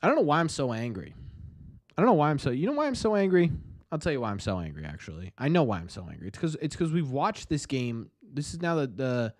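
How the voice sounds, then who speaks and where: A young man hosts a live baseball watch stream, reading chat and venting. His voice sits at an ordinary pitch, and he talks in restless, self-interrupting bursts. The sound is close and dry, with no room around it. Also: very animated, fast talker, dry recording. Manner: rambling, frequent restarts, exasperated. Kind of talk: casual live-stream game commentary.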